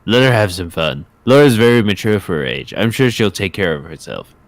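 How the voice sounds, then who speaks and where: A man's voice: on the low side, animated, brisk, dry recording. A man reading the lines of a tired detective in a video game, dry and matter-of-fact. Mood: flat. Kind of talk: reading game dialogue and narration aloud.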